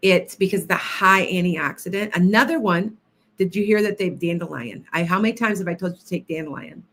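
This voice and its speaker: A woman's voice: lowish voice, a little fast, fairly bright tone. A woman hosting a casual livestream as a psychic healer, rambling and chatty as she greets viewers by name between stories.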